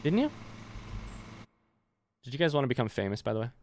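A man's voice: mid-range voice, rapid-fire, slight background noise. A young man streaming a game live, chatting loosely with viewers and swearing casually as he plays.

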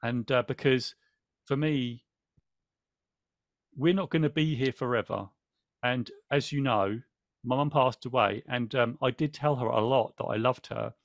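A man's voice: medium pitch, unhurried, long pauses, no echo. A man hosting a casual podcast, chatty and rambling, reading from a book and thanking viewers as he goes. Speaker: podcast host.

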